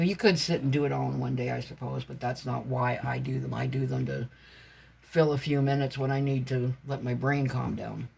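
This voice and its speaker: A woman's voice: extremely low pitch, creaky, darkish tone, breathy edge. A woman vlogger chatting casually about her crafts, meandering and chatty with many fillers and self-corrections. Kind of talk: casual rambling vlog chat.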